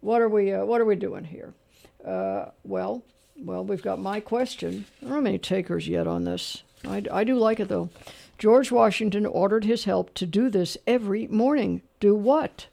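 Chatty radio host with a gravelly voice. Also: medium pitch, animated, moderate pace, warm tone. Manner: chatty, chuckling, with many fillers. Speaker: radio talk show host. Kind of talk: call-in trivia quiz. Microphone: studio microphone.

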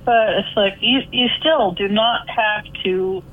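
A woman's voice: mid-range voice, slow pace. A woman calling in to a radio show, chatting in a rambling, storytelling way. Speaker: caller. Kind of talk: casual phone chat. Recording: tinny phone line.

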